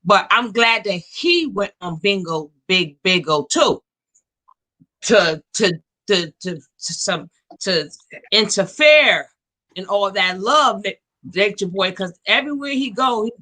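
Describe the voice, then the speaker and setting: Bright, slangy woman hosting a live chat. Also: mid-range voice. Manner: animated, slangy, quick to laugh. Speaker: livestream host. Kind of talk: casual gossip chat.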